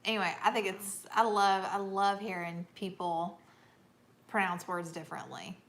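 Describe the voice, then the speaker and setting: A woman's voice: mid-range voice, steady tone, moderate pace, a bit bright, a little hiss or hum. A middle-aged woman from Northeast Georgia with a Georgia accent, hosting a casual livestream and reading viewer comments, chatty and laughing often. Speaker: livestream host.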